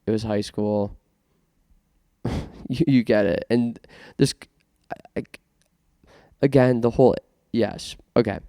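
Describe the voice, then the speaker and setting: A man's voice: lowish voice, slow pace, pauses often, warm tone, no echo, clean studio sound. A man from Canada hosting a casual podcast monologue, self-conscious and rambling with many restarts. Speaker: podcast host.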